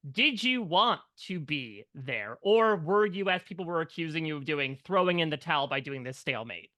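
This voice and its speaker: An interviewer with a bright, forward tone. The questions run long and wind through several clauses before they land. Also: mid-range voice, expressive, moderate pace, no room sound.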